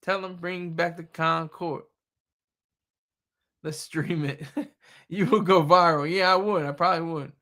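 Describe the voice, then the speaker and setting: Gravelly, laughing young man on a livestream. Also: a little high, fairly even intonation, measured pace, long pauses, pushed and bright. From Delaware. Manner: joking, laughs often, rambling. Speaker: livestream host. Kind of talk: casual live chat.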